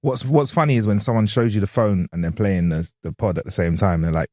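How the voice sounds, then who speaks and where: A man's voice: fairly low pitch, fast, few pauses, mellow, no echo, clean studio sound. A man co-hosting a podcast, telling stories in a laid-back, slangy way. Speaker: podcast co-host. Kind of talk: casual chat.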